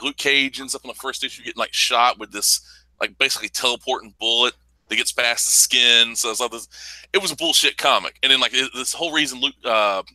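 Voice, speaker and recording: A man with a strikingly bright, sharp tone talks comics in a loose, rambling way, swearing freely and breaking into laughter. The sound is dry and close, with no room around him. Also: medium pitch, dry recording, low-quality recording. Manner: profane, rambling, animated with laughing outbursts. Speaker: podcast co-host. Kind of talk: casual comics chat.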